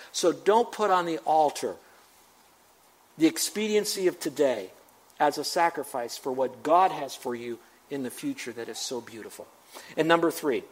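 A man's voice: fairly high pitch, low-quality recording. A man, a pastor, preaching a sermon to his church, earnest and exhorting, pressing the listeners with repeated questions.

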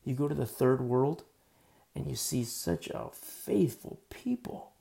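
A man's voice: medium pitch, lively intonation, slow pace, vocal fry, dark tone. A man preaching a sermon in a conversational, folksy way, with asides and quoted lines. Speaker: pastor.

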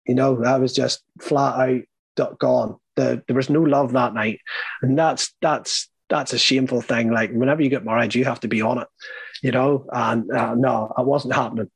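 A man's voice: medium pitch, steady tone, moderate pace, vocal fry, husky, no room sound, low-quality recording. A middle-aged man with a Northern Irish accent telling his life story in a rambling, candid way, full of fillers and blunt swearing. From Northern Ireland.

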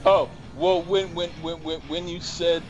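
A man co-hosting a casual chat, rambling and halting, repeating words as he searches for what to say. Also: a little high, fairly even intonation, over loud music. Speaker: podcast co-host.

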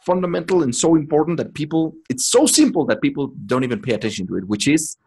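Man, husky voice, swears a lot, emphatic, laughs often, podcast chat. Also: on the high side, animated, fast talker, a little mellow. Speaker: podcast co-host. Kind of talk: casual chat.

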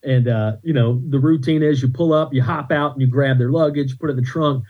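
A comedian on a podcast tells rambling anecdotes in a casual chat, restarting his sentences and laughing along the way. His voice is medium-pitched and a little fast, and the sound is lo-fi.

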